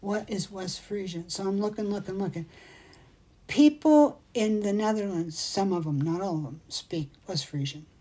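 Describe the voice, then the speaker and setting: A woman's voice: mid-range voice, expressive, normal speed, dark tone, husky. A woman hosting a casual livestream, chatting in a rambling, digressive way and reading out viewer comments. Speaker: jewelry shop livestream host.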